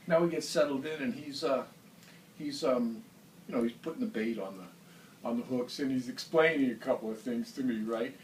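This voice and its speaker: A man telling a casual story, laughing often and acting out the shouted lines of the people in it. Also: mid-range voice, normal speed, a little hiss or hum. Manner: animated, laughing, acts out shouted quotes. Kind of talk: casual anecdote. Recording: roomy, from far off, faint ambience.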